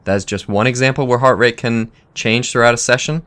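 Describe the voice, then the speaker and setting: A man's voice: mid-range voice, steady tone, fairly quick, fairly bright tone. A man co-hosting a training podcast, explaining things plainly and slipping in dry jokes. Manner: dry joking asides between plain explanations. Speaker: podcast co-host. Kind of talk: casual coaching chat.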